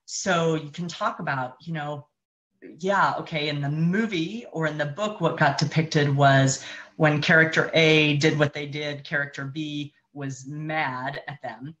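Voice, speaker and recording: Low-pitched woman doing a parenting coach live, chatty, keeps restarting mid-thought. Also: fairly even intonation, unhurried, fairly bright tone, dull audio. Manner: conversational, thinks aloud with frequent restarts. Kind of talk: live-streamed advice talk.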